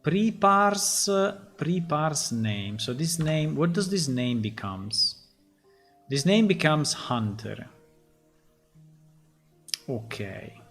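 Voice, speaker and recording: A man, a game developer, thinking aloud as he reads through code, halting and muttering puzzled asides to himself. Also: on the high side, sing-song, a bit bright, soft background music.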